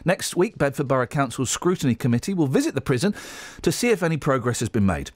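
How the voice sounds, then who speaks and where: A man's voice: mid-range voice, quick pace, no echo, studio quality. A man hosting a casual radio show, joking and telling stories with lots of laughs. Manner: jokey, animated storytelling with laughs. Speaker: radio presenter.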